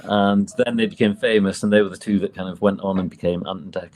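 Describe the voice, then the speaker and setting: Laid-back male guest, lowish voice, rambles through anecdotes. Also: fairly even intonation, fast talker, darkish tone. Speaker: interview guest, music producer. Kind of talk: casual chat.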